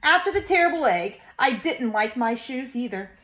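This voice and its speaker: A woman, a preschool teacher, reading a picture book aloud to young children and pointing out the pictures. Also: high-pitched. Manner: slow, expressive, pointing out pictures to kids.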